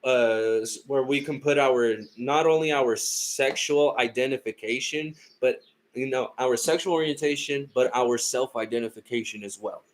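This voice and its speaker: A man's voice: medium pitch, moderate pace. A young man from California telling a story in a casual, heated and rambling way, swearing a lot. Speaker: tarot live streamer.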